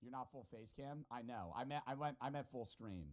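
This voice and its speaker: A man's voice: mid-range voice, fairly quick, noisy background. Rambling, profane American streamer man. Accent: general American. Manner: rambling, profane, laughing asides. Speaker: streamer reacting to videos. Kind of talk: casual reaction commentary.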